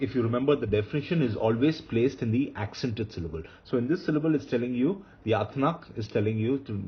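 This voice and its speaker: A man's voice: medium pitch, slight background noise. A man teaching Hebrew grammar in a recorded lecture, patiently repeating key rules and asking his listeners rhetorical questions. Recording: dull lo-fi recording.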